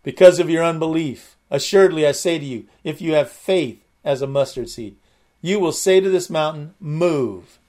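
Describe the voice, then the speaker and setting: Enthusiastic male preacher, higher-pitched voice. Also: normal speed, darkish tone. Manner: enthusiastic, explains word meanings, frequent restarts. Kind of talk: sermon teaching.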